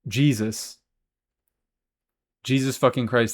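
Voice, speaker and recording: A man's voice: mid-range voice, steady tone, moderate pace. A man live-streaming a game, chatting casually and answering chat, swearing freely as he talks. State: has hiccups.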